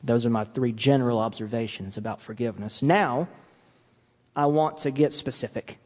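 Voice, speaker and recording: A man preaching a sermon as pastor, lively and animated, acting out quoted apologies as he teaches. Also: medium pitch, moderate pace, in a large hall. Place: church sanctuary.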